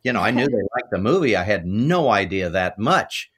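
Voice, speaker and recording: A middle-aged man, a voice actor as an interview guest, telling relaxed, unhurried anecdotes about his work. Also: on the low side, breathy edge. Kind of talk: interview storytelling.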